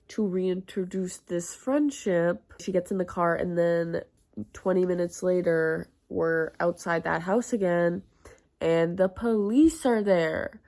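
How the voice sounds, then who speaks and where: Crude chatty young woman with vocal fry. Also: on the low side, a little mellow. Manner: chatty, crude and self-mocking, heavy use of "like". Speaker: vlogger. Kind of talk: casual storytime.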